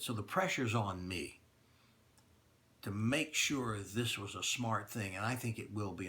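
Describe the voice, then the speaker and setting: A man's voice: fairly low pitch, vocal fry, fairly bright tone. Emphatic middle-aged male radio host. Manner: emphatic, plainspoken, repeats key points. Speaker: radio talk show host. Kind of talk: direct-to-listener announcement monologue.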